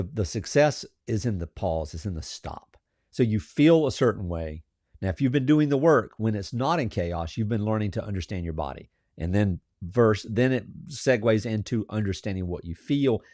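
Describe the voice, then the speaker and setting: A man's voice: lowish voice, darkish tone, dry recording, clean studio sound. A man talking as a coaching guest on a podcast, explaining earnestly and telling stories. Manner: earnest, storytelling, stresses key phrases. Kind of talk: casual interview talk.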